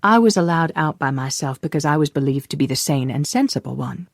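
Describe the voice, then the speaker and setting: A narrator voicing a spirited young woman, disguised as a boy, who talks in a quick, teasing and emphatic way. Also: medium pitch, lively intonation, no echo, clean studio sound, lightly acted.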